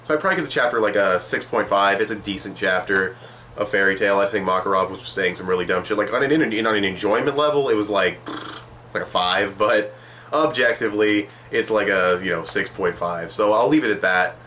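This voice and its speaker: A man's voice: on the low side, fairly quick, bright, forceful tone, slight background noise. A young man giving a rambling, sarcastic manga chapter review, swearing casually.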